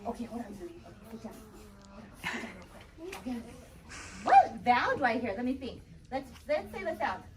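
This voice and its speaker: A young woman teaching kindergarten, upbeat and encouraging, sounding out letters slowly for the children. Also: a little high, big pitch swings. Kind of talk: interactive classroom teaching. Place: kindergarten classroom. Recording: distant, noisy classroom recording.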